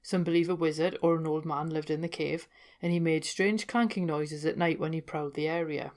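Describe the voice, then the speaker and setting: A woman's voice: deep voice, steady tone, brisk, darkish tone. A woman hosting a folklore podcast, telling legends in a chatty way with wry asides. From North East England. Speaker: podcast host. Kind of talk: casual folklore storytelling.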